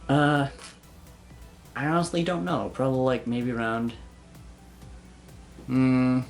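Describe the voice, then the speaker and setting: A man's voice: medium pitch, takes it slowly, faint music behind. A young man, a puppeteer, casually answering viewer questions in a candid, chatty way. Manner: candid, chatty, hesitant fillers. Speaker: puppeteer and video maker. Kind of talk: casual Q and A vlog.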